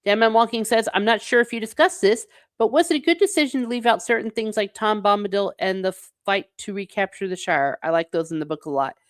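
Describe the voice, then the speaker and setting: A woman's voice: medium pitch, brisk, hardly any pauses. A middle-aged woman hosting a casual livestream, chatting wryly about films and reading viewer comments aloud with playful exasperation. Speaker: host reading live chat.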